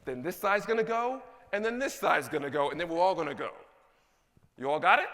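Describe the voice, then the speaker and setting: A man giving an energetic conference keynote, asking the audience questions. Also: on the high side, fast, in a large hall. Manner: animated, asks the audience questions. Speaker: keynote speaker. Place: large conference hall.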